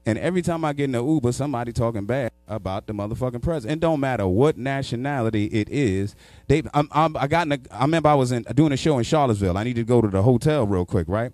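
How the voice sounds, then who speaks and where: A man's voice: medium pitch, a little mellow, dry recording. A man, a stand-up comedian, telling stories in casual, profane street talk.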